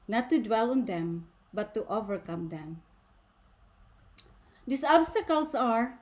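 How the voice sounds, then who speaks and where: A woman delivers a faith talk to a women's gathering, taking her time and leaning hard on each point. Her fairly high voice swings up and down as she stresses words and poses rhetorical questions. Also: darkish tone. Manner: deliberate, emphatic, asks rhetorical questions. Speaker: speaker at a women's ministry gathering.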